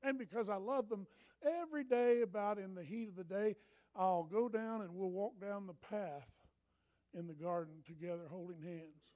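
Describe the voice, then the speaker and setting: A preacher voicing God as an old loving creator. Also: male voice, high voice, moderate pace, a little mellow, natural voice. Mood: tender. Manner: grand, musing, storytelling.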